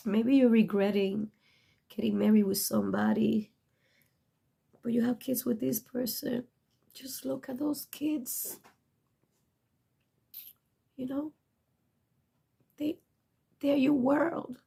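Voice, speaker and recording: A woman's voice: on the high side, steady tone, slow pace, vocal fry, long pauses, mellow, breathy edge. A middle-aged woman giving a casual tarot reading, blunt and profane, emotional and choking up at times, with non-native English phrasing. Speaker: tarot reader.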